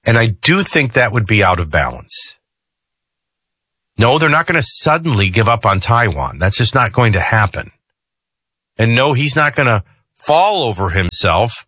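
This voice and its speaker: A male talk radio host speaks in a forceful, somewhat husky voice with a low pitch. He talks in a loose, conversational way and throws in jokey asides. The sound is close and dry, straight from a studio mic. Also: dry recording.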